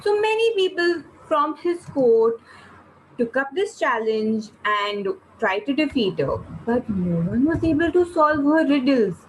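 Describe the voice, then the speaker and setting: A woman's voice: high-pitched, a little slow, slight background noise, poor audio. A woman teaching kids online, telling a story and asking the class questions. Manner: lively, questions the class, explains words.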